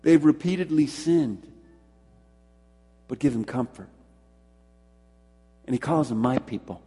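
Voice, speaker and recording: A man preaches in a husky, mellow voice, pitched a little above the usual. He stresses his points by repeating words and asks the congregation questions directly. The sound rings out with a long hall reverb. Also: lively intonation, unhurried, faint music behind. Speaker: pastor. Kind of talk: sermon.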